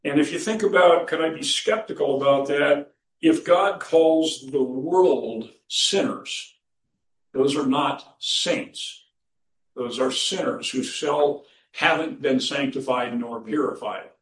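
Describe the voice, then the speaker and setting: Folksy pastor in a roomy church. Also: male voice, on the high side, takes it slowly. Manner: folksy, chuckles at his own stories. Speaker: pastor and counselor. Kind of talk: sermon with storytelling. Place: church sanctuary. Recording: roomy church recording from a distance.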